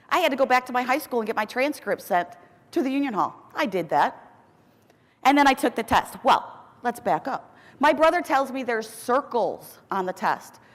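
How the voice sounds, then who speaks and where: A middle-aged American woman giving a keynote speech, telling her story with a lively, humorous manner. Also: a little high. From United States. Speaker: keynote speaker. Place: large conference hall. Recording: long reverb of a large hall.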